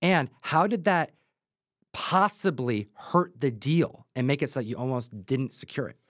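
A man co-hosting a podcast, chiming in with quick questions and jokes. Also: mid-range voice, no echo, studio quality. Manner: quick joking interjections. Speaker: podcast co-host. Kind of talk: casual chat.

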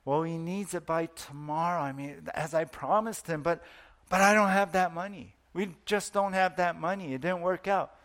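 A preacher acting out a worried husband confessing a debt late at night. The voice is anxious and earnest. It sits slightly high. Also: male voice, moderate pace, fairly bright tone, lightly acted.

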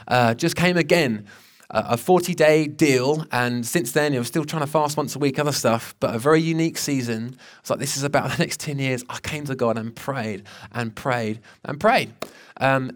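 A man preaches to his congregation, speaking in a fairly high, lighter register. His delivery is earnest and conversational, full of restarts as he tells a personal story. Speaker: pastor. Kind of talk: sermon.

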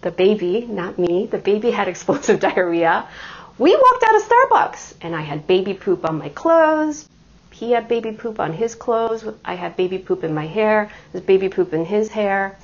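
A woman's voice: medium pitch, moderate pace, muffled recording. A middle-aged woman preaching a sermon, telling personal stories with self-deprecating humor before turning to scripture. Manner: warm storytelling with self-deprecating humor and laughter.

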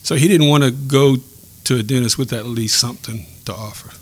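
A man sharing a personal faith story in a podcast chat, earnest and reflective, pausing and restarting as he speaks. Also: mid-range voice. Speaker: guest telling a faith story.

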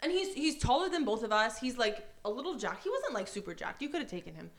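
A woman telling stories in casual podcast chat, animated and swearing freely, acting out the people she quotes. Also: fairly high pitch, fast talker. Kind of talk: casual storytelling.

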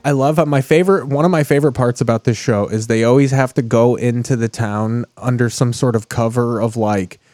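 A man's voice: mid-range voice, fairly quick, hardly any pauses, darkish tone. A man in his thirties hosting a casual TV-watching chat, joking crudely and riffing. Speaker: podcast host.

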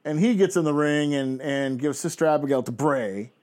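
A man's voice: a little high, moderate pace, darkish tone. A man in his thirties ranting sarcastically and profanely in a casual podcast chat. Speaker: podcast co-host. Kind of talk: casual chat, wrestling recap.

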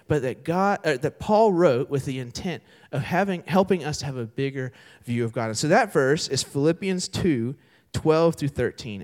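A young man preaching a sermon to a live audience, telling a story in a casual, chatty way and often checking in with the crowd. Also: fairly high pitch. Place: church service before an audience.

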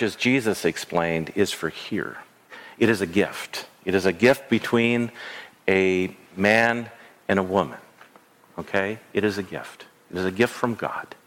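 A middle-aged pastor preaches earnestly in a church sanctuary, repeating phrases and restarting words as he goes. His voice is fairly low and a bit bright, with long church reverb on the recording.

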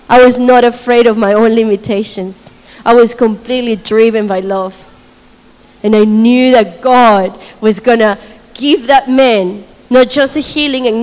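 A woman with a high voice tells a faith testimony as a sermon. Her storytelling is animated, broken by frequent laughter and acted-out quotes. The sound carries a long reverb, as in a large hall. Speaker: speaker sharing a testimony.

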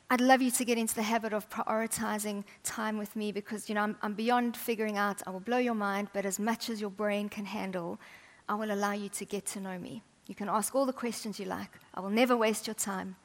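A woman's voice: mid-range voice, steady tone, a little fast, long reverb tail, close to an everyday voice. A woman voicing a gracious inviting king.

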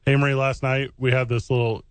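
A man's voice: medium pitch, little pitch movement, no room sound. A man hosting a sports radio show in a studio, joking and teasing his co-hosts in casual banter. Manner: joking, teasing, quick interruptions. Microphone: studio mic.

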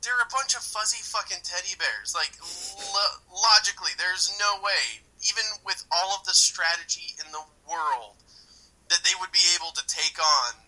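A man co-hosting a casual podcast, ranting in an animated way with frequent profanity. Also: high-pitched, normal speed, rough recording. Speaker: podcast co-host.

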